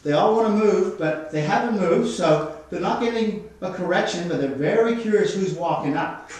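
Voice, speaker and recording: An Australian man working as a dog trainer, explaining dog behaviour in an instructive way and giving calm commands to the dogs. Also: high-pitched, normal speed. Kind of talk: explaining while demonstrating. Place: studio. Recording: echoey room, mic at a distance.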